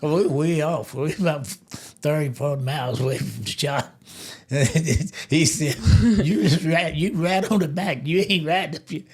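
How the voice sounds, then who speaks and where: A man in his eighties, a grandfather, telling a family story in a lively way, laughing as he goes and acting out the quotes. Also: a little high, normal speed, few pauses, breathy edge. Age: 80s. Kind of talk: casual storytelling.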